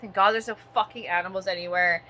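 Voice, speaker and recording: A woman's voice: mid-range voice, fairly even intonation, fast talker, pushed and bright, a little hiss or hum. A woman in her thirties from Canada, ranting in a vlog monologue, swearing often and rambling with lots of "like" fillers. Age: 30s. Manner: profane, rambling, frequent "like" fillers.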